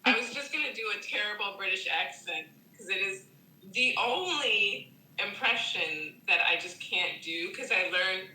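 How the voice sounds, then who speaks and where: A woman's voice: medium pitch, lively intonation, normal speed, sharp tone. Bubbly woman guest in an echoey room. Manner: bubbly, giggly. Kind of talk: casual chat. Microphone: video call.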